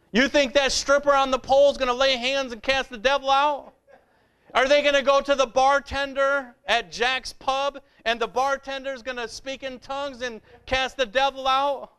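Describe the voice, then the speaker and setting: A man's voice: very high voice, fairly bright tone, clear, resonant tone. A male pastor preaching a fiery sermon, emphatic and repetitive, with rhetorical questions.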